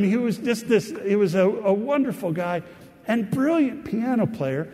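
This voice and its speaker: A man telling a rambling personal story to an audience, pausing often. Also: extremely high pitch, lively intonation. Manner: warm, rambling anecdotal storytelling with pauses. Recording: long hall reverb.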